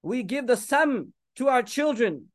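A man in his thirties delivers an impassioned sermon in a strikingly high voice, weaving Arabic phrases through his urgent appeals to the listeners. The recording is dry and close, with no room sound. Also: lively intonation, a little slow, dry recording. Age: 30s. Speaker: preacher.

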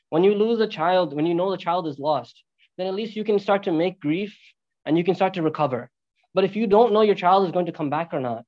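A man preaching a sermon in an animated storytelling way, asking rhetorical questions and using Arabic religious phrases. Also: a little high, highs cut off. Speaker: Islamic preacher.

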